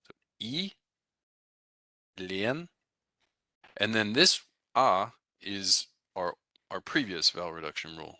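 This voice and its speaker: A man's voice: sits low, bright, forceful tone, no room sound, clean studio sound. A man teaching a language class, explaining pronunciation rules in a casual, rambling way with many fillers and restarts. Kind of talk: recorded class lecture.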